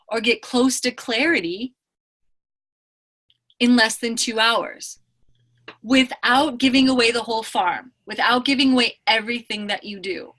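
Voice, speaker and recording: A woman business coach hosting a live training call, talking fast and emphatically with effusive enthusiasm. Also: a little high, sharp tone.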